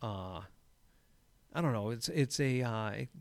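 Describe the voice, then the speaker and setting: A man in casual chat about golf, swearing freely and telling stories with lively energy. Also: mid-range voice, measured pace, dry recording. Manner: profane, animated storyteller. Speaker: podcast co-host.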